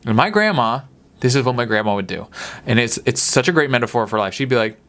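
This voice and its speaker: A man's voice: mid-range voice, animated, fast talker, fairly bright tone. A young man hosting a solo podcast, rambling and candid, his voice nasal from a cold. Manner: rambling, candid, swears casually. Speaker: podcast host. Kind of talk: casual solo monologue.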